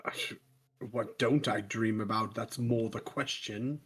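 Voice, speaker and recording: A man's voice: lowish voice, fairly even intonation, a little slow, slightly rough. A man playing a tabletop game character, rambling and stumbling through explanations with many fillers. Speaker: player.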